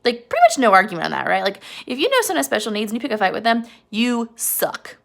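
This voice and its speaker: A woman's voice: a little high, very animated, fast talker, gravelly, a bit bright. A woman teacher casually retelling a novel chapter, explaining and checking in with her listeners. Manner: chatty, explanatory, frequent check-ins like "right?". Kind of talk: casual recorded lesson summarizing a novel chapter.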